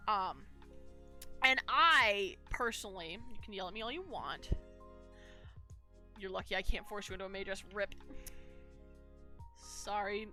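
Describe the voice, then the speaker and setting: A woman's voice: medium pitch, animated, unhurried, long pauses, pushed and bright, faint music behind. A young woman streaming while she draws, chatting casually and rambling with many fillers and restarts. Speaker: streamer and artist. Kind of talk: casual live-stream chat while drawing.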